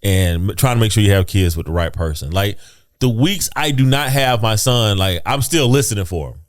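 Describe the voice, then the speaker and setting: A man's voice: on the low side, animated, normal speed, no room sound, clean studio sound. Earnest man giving dad advice on a podcast. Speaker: podcast co-host. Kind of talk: casual podcast chat.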